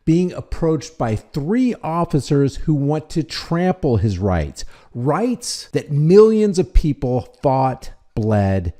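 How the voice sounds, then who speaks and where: Fiery male video commentator, mellow voice. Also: on the high side, very animated, slow pace, hardly any pauses. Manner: impassioned, fiery and emphatic.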